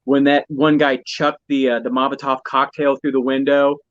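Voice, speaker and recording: A man co-hosting a podcast in casual chat, excitable and gushing, swearing now and then. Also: mid-range voice, moderate pace. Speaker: podcast co-host. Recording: dull lo-fi audio.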